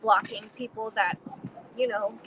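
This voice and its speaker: Chatty woman, high voice, noisy recording. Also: steady tone, unhurried. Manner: talkative, full of "like" fillers, earnest. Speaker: podcast co-host. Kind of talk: casual chat.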